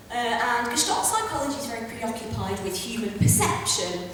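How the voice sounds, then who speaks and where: A woman giving a chatty, brash stand-up comedy lecture on a theatre stage, with quick asides. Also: a little high, recorded from a distance, slight background noise. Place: theatre stage before a live audience. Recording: echoey hall recorded from afar.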